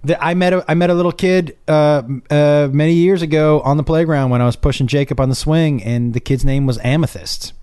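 A man's voice: on the high side, steady tone, a little fast, few pauses, a little mellow, smooth. A man co-hosting a casual, comedic chat, asking incredulous questions, laughing often, and telling stories about parenting.

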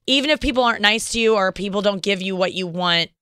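A woman's voice: medium pitch, fast talker, bright, forceful tone, smooth, dry recording. A woman hosting a podcast, telling candid, rambling stories with many restarts. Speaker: podcast host. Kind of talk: casual chat.

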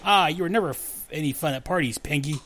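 A man's voice: a little high, quick pace, a bit bright. A man voicing a cocky, self-assured male hired gunman with a drawling delivery.

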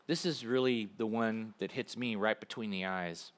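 A man preaching a sermon in a conversational, animated way, acting out little asides to the congregation. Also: lowish voice, moderate pace. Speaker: pastor.

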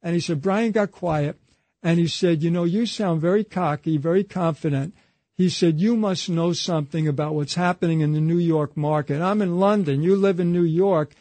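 A man with a high-pitched voice spins a long anecdote in an interview, passing it along through a string of quoted exchanges. His voice sounds dry and close, with no room around it. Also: normal speed, dark tone, dry recording. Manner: retells a story through a chain of quoted dialogue, repeating "he said". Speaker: interview guest. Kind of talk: conversational storytelling anecdote.

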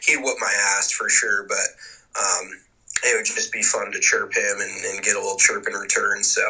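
A man's voice: lowish voice, flat delivery, moderate pace, sharp tone, slightly rough, rough recording. A man co-hosting a podcast, chatting casually and teasing about golfers, with loose, profane banter over a remote call. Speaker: podcast co-host. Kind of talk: casual chat. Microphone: remote call mic.

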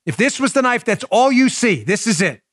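A man in his forties with a Queens, New York accent, hosting a political commentary podcast in an emphatic, loud manner full of rhetorical questions. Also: extremely high pitch, big pitch swings, moderate pace, no echo, studio quality. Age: 40s. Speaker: podcast host. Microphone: studio microphone.

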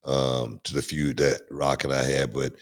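A man hosting a podcast in casual chat, animated, often repeating words and stretching them out. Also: very deep voice, moderate pace. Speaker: podcast host.

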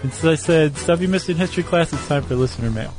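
A man's voice: a little high, quick pace, over loud music. A man co-hosting a podcast in casual chat, laid-back with wry quips. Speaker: podcast co-host.

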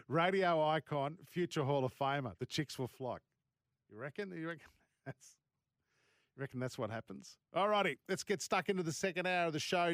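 A man's voice: mid-range voice, fairly bright tone, no room sound, studio quality. An Australian man hosting a sports talk radio show, speaking bluntly and indignantly in a colloquial way. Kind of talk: talk radio opinion segment. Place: radio studio.

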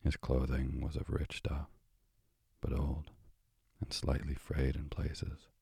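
A man narrating a storybook aloud in a slow, measured way. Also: extremely low pitch, monotone, gravelly, warm tone, breathy edge, no room sound, studio quality. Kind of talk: audiobook narration.

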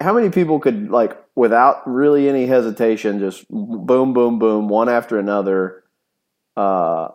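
A man co-hosting a sports podcast, talking in a rambling, animated way with many restarts and fillers. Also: medium pitch. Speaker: podcast co-host. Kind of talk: casual sports chat.

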